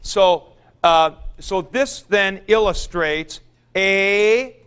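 A man's voice: high-pitched, extremely slow, fairly bright tone, smooth. A middle-aged man teaching a Greek grammar class, explaining patiently in a classroom. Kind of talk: classroom lecture.

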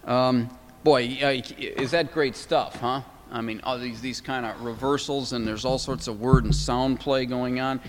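A man teaching a class, enthusiastic and thinking aloud, often pausing on fillers and restarting words. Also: medium pitch, fairly even intonation, long reverb tail, slight background noise. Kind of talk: classroom lecture.

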